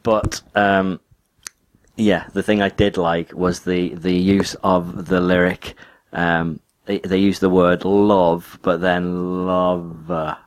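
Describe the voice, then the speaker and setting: A man's voice: low voice, little pitch movement, slow. A man, co-hosting a podcast in casual, rambling chat with lots of restarts. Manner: rambling, laughs a lot, many restarts. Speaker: podcast co-host.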